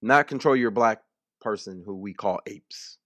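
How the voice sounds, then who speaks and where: A man's voice: on the low side, measured pace, a bit bright, dry recording. A man hosting a political talk radio show, speaking in an emphatic, repetitive monologue.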